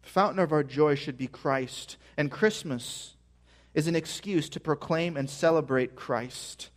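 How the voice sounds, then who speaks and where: A man preaching a sermon as pastor, earnest and building to excited emphasis. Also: fairly high pitch, a little slow.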